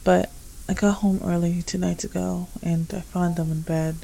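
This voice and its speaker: A woman voicing a heartbroken young woman who speaks haltingly and tearfully in a fanfic reading. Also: lowish voice, flat delivery, vocal fry, mellow, poor audio. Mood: hurt.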